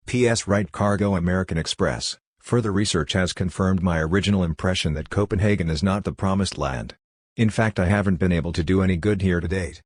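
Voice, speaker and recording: A man with a low, deep voice reads a collection of letters aloud in audiobook style. His delivery stays steady and even from line to line. The sound is dry and close, with no room around it. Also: dry recording. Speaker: reader.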